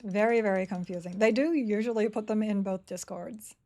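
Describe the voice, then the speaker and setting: While playing a game on a live stream, a woman reads chat and chats away, giggling and mocking herself. Her voice is mellow and medium-pitched, and she talks fairly quickly.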